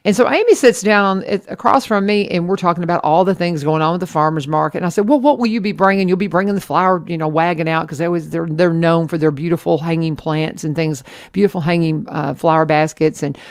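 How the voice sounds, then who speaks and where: A woman's voice: sits low, fast. A woman radio host, talking in a chatty, enthusiastic way with many restarts. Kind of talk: casual radio chat.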